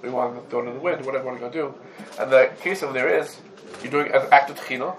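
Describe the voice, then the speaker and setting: A man's voice: mid-range voice, rapid-fire, slight background noise, low-quality recording. A man teaching a religious law class to students, laying out cases through rhetorical questions and Hebrew terms mixed into English. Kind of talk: Talmudic law lesson.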